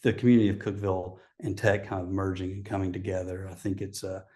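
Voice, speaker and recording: Guy, middle-aged, kinda low voice, chatty guest, lots of ums and restarts. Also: level tone, fast talker, darkish tone. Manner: rambling, with many fillers and restarts. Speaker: guest, coffee shop owner. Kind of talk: casual interview chat.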